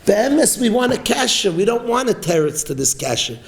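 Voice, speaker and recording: A man giving a sermon as a rabbi, preaching emphatically and with animated, rising exclamations. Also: high-pitched, normal speed, gravelly. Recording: roomy echo.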